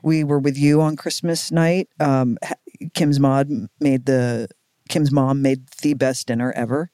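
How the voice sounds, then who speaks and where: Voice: mid-range voice, steady tone, unhurried, dark tone, smooth, no echo, clean studio sound. A speaker in casual chat, talking emphatically and with playful indignation.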